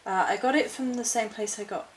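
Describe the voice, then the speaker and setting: A witchcraft vlogger with a fairly high voice chats casually through a haul video, rambling and correcting herself along the way at a slightly fast pace. The recording is low quality with slight background noise.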